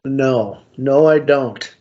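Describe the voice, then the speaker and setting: A man's voice: mid-range voice, drawn-out words, dark tone, highs cut off. A man co-hosting a podcast in casual chat, dropping short dry teasing one-liners. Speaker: podcast co-host.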